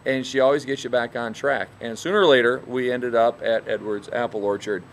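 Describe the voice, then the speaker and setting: A middle-aged minister talks in a folksy, easygoing way, sharing a devotional story and leaning on "you know" fillers. His voice sits at an ordinary male pitch, and he speaks from a bed and breakfast with a faint hum behind him. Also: fairly even intonation, brisk. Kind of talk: casual devotional talk.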